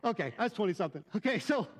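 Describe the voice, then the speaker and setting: A middle-aged male pastor gives a storytelling sermon in a fairly high, light voice. He is animated and acts out the voices of the people in his story. His inner dialogue gets the same lively treatment.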